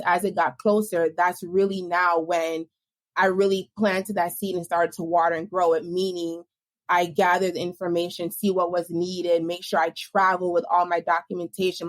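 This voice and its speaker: A woman born in the United States, a podcast guest recounting her experience in a relaxed, conversational way. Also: lowish voice. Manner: relaxed storytelling with many fillers. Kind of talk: casual podcast interview.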